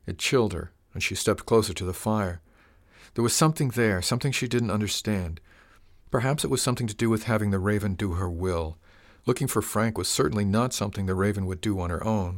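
A man narrating a story in a calm, measured, unhurried way. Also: sits low. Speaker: audiobook narrator.

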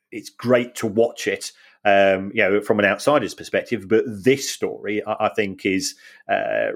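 A man co-hosting a football podcast, talking things through in a measured way with many fillers and restarts. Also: on the low side. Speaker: podcast co-host. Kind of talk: casual football finance chat.

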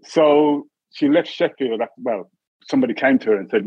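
A man in his sixties from England, an interview guest telling family stories in a relaxed way, chuckling often and acting out voices. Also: medium pitch, fairly quick, husky, no echo. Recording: tinny phone-like line.

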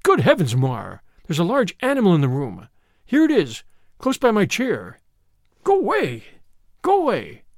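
A man voicing a terrified Englishman who yells frantic commands in the dark. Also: sits high, huge pitch swings, normal speed, no room sound, studio quality, exaggerated voice.

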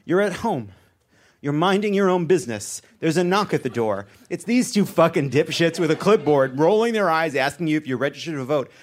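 A man anchoring a satirical comedy news segment, delivering jokes deadpan and breaking into asides. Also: fairly high pitch, a little fast.

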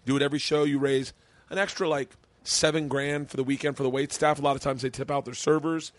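A boisterous middle-aged man hosting a podcast and telling stories with loose energy and plenty of swearing. His voice sits at an ordinary male pitch. It is recorded close and dry in a home studio. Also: little pitch movement, fast, no room sound. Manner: boisterous storyteller, swears freely. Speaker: podcast host. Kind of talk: casual chat.

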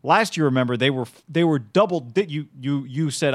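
A man hosting a sports betting podcast, calmly laying out odds and stats in casual chat. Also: fairly high pitch, no echo. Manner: measured, reads stats and lines.

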